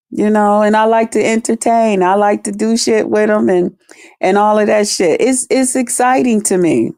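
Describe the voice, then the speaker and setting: A woman vlogger talking straight to her viewers in blunt, animated, heavily profane storytelling. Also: medium pitch, dry recording, clean studio sound. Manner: blunt, animated, heavy cursing; laughs at her own jokes. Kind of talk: casual profane storytelling chat.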